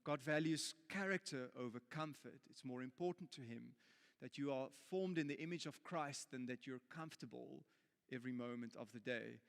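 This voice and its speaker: A man's voice: mid-range voice, normal speed, creaky, long reverb tail. A man with a South African accent preaching a sermon, telling a story in a jokey, playful way, then turning earnest. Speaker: pastor. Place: church auditorium.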